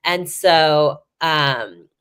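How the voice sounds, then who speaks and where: A woman sports reporter telling stories as a guest in a casual interview, chatty and animated, with lots of "like" fillers. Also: low voice, clean tone. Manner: animated, chatty, acts out others' lines; fast, filler-heavy "like" talk.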